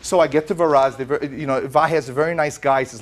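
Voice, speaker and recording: A middle-aged man testifying as plaintiff in a courtroom, telling his story in an animated way, acting out what others said, often repeating words and restarting. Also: medium pitch, fast, hardly any pauses. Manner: animated storyteller, quotes others in lively voices.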